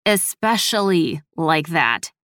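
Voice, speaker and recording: A woman's voice: sits low, animated, takes it slowly, a bit bright, no room sound, studio quality, full character voice. Woman voicing a blunt joking teenage boy. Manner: casual, blunt slang.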